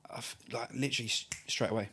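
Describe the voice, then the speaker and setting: A man's voice: medium pitch, steady tone, rapid-fire, bright, forceful tone, husky. A man in his thirties with an Essex accent, a guest in an interview, talking in a chatty, colloquial way with short repeated phrases. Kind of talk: casual interview chat.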